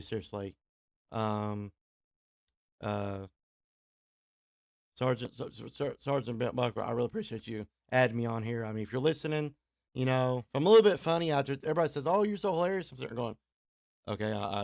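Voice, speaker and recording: A man's voice: mid-range voice, no room sound. A man with a Kentucky accent, a radio host and DJ talking casually and rambling on a livestream, self-deprecating and laughing often between fillers. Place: small home studio.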